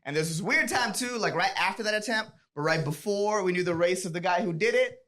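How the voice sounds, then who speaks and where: A man's voice: high-pitched, brisk. A man doing stand-up on a comedy club stage, delivering punchy setups and chuckling at his own jokes. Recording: live club set with roaring crowd. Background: loud audience laughter.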